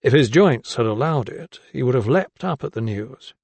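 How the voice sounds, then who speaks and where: A man narrating an audiobook in a calm, even storytelling voice. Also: medium pitch, moderate pace, creaky, no room sound. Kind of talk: scripted narration.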